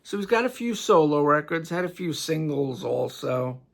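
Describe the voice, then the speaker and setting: Middle-aged New York man, gravelly tone, chatty rambling music-vlog delivery. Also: on the high side, animated, moderate pace. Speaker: music vlogger. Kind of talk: casual tribute monologue.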